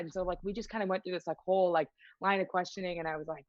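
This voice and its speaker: A young woman guest telling stories in a casual interview, lively and acting out other people's lines. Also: lowish voice, rapid-fire, hardly any pauses, dull audio. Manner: lively storyteller who acts out quoted voices. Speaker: guest, hockey player. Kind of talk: casual interview chat, storytelling.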